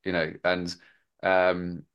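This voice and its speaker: A man's voice: sits low, completely flat delivery, slow, smooth, highs cut off. A man in casual podcast chat, talking enthusiastically and rambling with lots of fillers. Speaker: podcast host.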